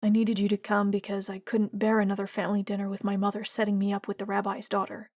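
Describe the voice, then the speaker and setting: A woman's voice: medium pitch, monotone, fast, darkish tone, no room sound, clean studio sound, close to an everyday voice. A woman voicing a protective young businessman in an audiobook, speaking in an intense, vowing way. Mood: gentle. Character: rich young man, protective and fierce.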